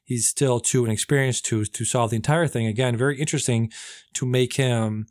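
A man's voice: mid-range voice, fairly even intonation, brisk, dry recording, clean studio sound. A man casually retelling a movie plot on a podcast, rambling with many fillers.

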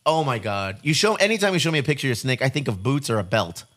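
Male podcast host, animated pitch, loose crude joker reading news to the room. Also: quick pace. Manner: loose, crude, joking, reads news aloud. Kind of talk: casual podcast chat. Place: studio couch with several people.

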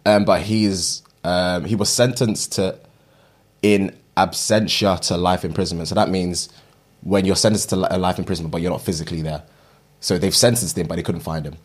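A man's voice: low-pitched, steady tone, fairly quick. A man, co-hosting a casual chat and reading out a fun fact, stumbling over names and laughing at himself. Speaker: podcast co-host.

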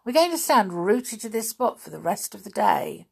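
A woman's voice: mid-range voice, sing-song, normal speed, vocal fry, a little mellow, slightly rough, pitched above the performer's own voice, exaggerated voice. A woman reading the part of a wry, level-headed boy. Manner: wry, reasoning.

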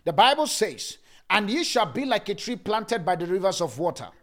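A man preaching as a pastor, repeating phrases for emphasis, and swinging between loud emphatic lines and soft, laughing asides. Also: sits high, big pitch swings, normal speed. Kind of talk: sermon.

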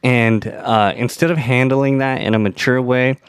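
A man of middle pitch co-hosts a parenting podcast and tells a story about his own kids. He acts out the other people's lines as he goes and laughs along with them. His voice sounds close and dry. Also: fairly even intonation, moderate pace, clean tone, dry recording. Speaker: podcast co-host, father. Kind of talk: casual storytelling chat.

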